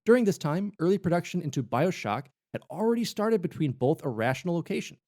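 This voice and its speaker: A man's voice: on the high side, fast. A man co-hosting a gaming podcast, mixing casual jokey chat with read-out history notes. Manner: jokey, playful, animated. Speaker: podcast co-host.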